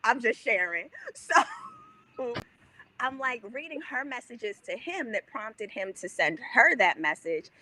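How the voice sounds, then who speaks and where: A woman telling a personal story on a podcast, lively and chatty. She acts out every line of dialogue as she goes. Her voice sits fairly high and sounds very bright, recorded close and dry. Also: a little slow, dry recording. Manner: animated, acts out quoted dialogue, swears freely. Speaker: podcast guest. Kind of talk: casual storytelling.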